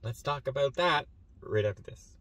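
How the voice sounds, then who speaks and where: A man's voice: mid-range voice, animated, moderate pace, loud music behind the voice. A man hosting a movie review show, chatting casually and with animation about a film he just saw.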